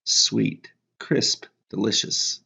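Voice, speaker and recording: A man reading a novel aloud in a calm, measured way as an audiobook narrator. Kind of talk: scripted narration. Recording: slightly dull lo-fi audio.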